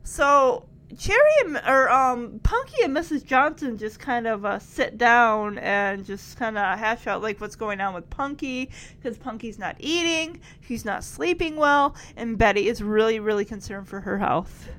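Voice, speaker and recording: A woman's voice: a little high, lively intonation, measured pace, few pauses, a bit bright. A woman hosting a TV reaction video, recapping scenes in an emotional, gushing way. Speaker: TV show reaction host.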